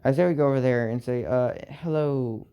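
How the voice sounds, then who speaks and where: A young man improvising a fan story aloud, halting and restarting with lots of fillers and sighs. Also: mid-range voice, warm tone, smooth.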